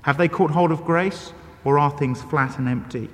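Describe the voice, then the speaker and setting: A man preaching a sermon, telling self-deprecating stories with lively animation. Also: a little high, normal speed. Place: church. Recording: reverberant church hall.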